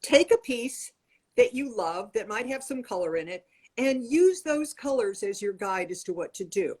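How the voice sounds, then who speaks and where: A woman's voice: fairly high pitch, expressive, normal speed, darkish tone, slightly rough. A middle-aged woman hosting a show, chatting casually and demonstrating accessories as she talks. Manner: chatty, demonstrative, talks while showing items. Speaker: show host. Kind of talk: casual conversational style demonstration.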